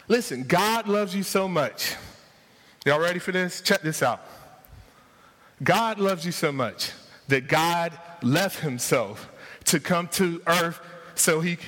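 Pastor, male, fairly high voice, stirring call-and-response sermon, long church reverb. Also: slow, pauses often, pushed and bright. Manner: rousing, repetitive rhetorical questions to the congregation.

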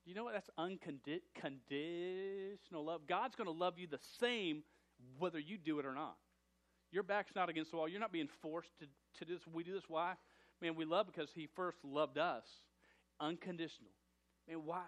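A male pastor preaching with animated energy, often restarting and repeating words as he goes. His voice sits fairly high for a man. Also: normal speed. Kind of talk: sermon.

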